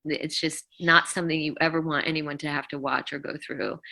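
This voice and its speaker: A middle-aged woman with a low voice tells a painful story as an interview guest. Her tone is bright and forceful, and she acts out each quoted line with lots of "like"s as she goes. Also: fairly even intonation, a little fast, creaky, slight background noise, poor audio. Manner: vivid retelling, acting out quotes, many "like"s. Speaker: rock vocalist, interview guest.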